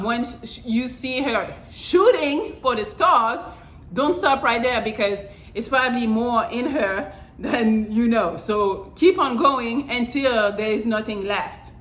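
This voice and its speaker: A woman's voice: a little high, a little slow, a bit bright. A young woman hosting her own vlog, giving casual how-to advice in a blunt, profane way and often saying "I'm telling you". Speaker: channel host. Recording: roomy echo.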